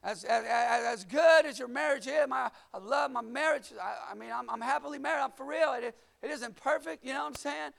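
A man preaching a lively sermon, shouting at the peaks and calling on the congregation to answer back. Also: very high-pitched, brisk, gravelly, hardly any pauses. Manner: energetic, shouting at peaks, call-and-response. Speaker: pastor.

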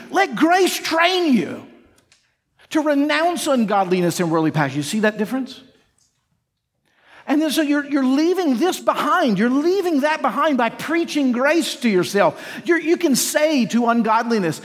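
A male pastor with a notably high voice delivers an earnest sermon, firing rhetorical questions at his listeners and slipping into imagined inner voices. His words ring out with a long reverb through a church hall. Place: church sanctuary.

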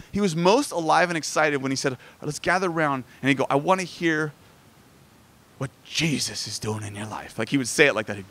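A man preaching in a casual, conversational way, telling a family story with rising emotion. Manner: conversational, animated, rises in pitch when moved. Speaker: pastor. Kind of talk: sermon storytelling. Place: outdoors near sand.

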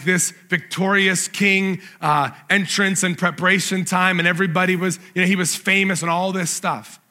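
A man's voice: high-pitched, sharp tone. A man preaching a sermon, earnestly reading and explaining scripture. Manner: earnest, reads scripture aloud with emphasis. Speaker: pastor.

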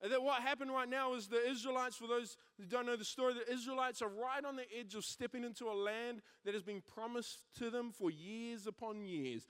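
Energetic high-voiced young man preaching. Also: clean tone. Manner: energetic, emphatic, repeats words and restarts. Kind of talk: sermon with personal story. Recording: long hall reverb.

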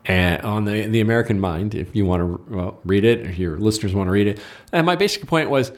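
A man's voice: lowish voice, lively intonation, fast talker. A man speaking as a guest writer in a political interview, arguing his point and acting out quoted exchanges. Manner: argumentative, acts out quoted dialogue.

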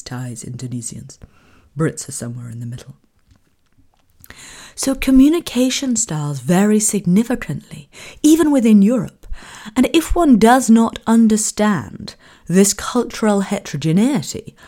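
British woman lecturer, lowish voice, chatty and prone to laughing. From Britain. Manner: laughs often, fillers, animated when amused. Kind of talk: lecture on cultural communication.

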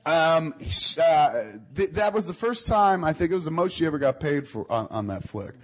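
A man's voice: on the high side, lively intonation, normal speed. A man hosting a casual chat, telling long rambling stories and swearing freely. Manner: rambling, profane storytelling. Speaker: podcast host.

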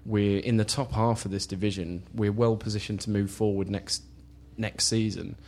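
Opinionated man, low voice. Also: steady tone, moderate pace, a little mellow. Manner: opinionated, hedging with "you know". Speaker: podcast panelist. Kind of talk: casual football podcast chat.

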